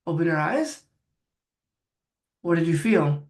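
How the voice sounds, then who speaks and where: A man's voice: high-pitched, lively intonation, moderate pace, gravelly, pauses often. A man working as a phobia coach, talking the listener step by step through a guided self-help exercise. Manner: directive, coaching, talks viewer through steps.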